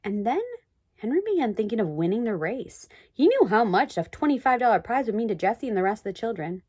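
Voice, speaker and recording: A woman reading a children's chapter book aloud in an expressive read-aloud manner. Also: a little high, fast talker. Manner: expressive, sing-song read-aloud delivery. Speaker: storybook reader.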